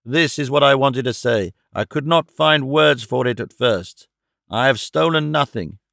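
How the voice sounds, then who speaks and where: A defiant, muddled old vagrant on trial rambles his blunt protests, as a male audiobook reader plays him. The voice is gravelly and sits at an ordinary pitch. The sound is close and dry, with no room around it. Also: a little slow, fairly bright tone, no echo. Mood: indignant. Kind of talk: audiobook character reading.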